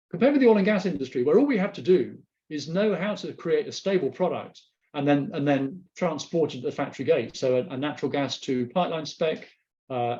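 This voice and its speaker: A man gives a webinar presentation over his slides, his voice mellow and rather dark. He talks haltingly, circling back and repeating words as he hunts for the next phrase. The webcast audio is dull and lo-fi. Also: on the high side. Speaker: guest speaker presenting slides. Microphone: remote webcast mic.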